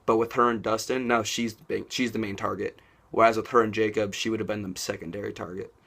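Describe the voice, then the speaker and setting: Husky man, exasperated contestant. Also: lowish voice, fast. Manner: exasperated, animated. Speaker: online game contestant. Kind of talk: confessional.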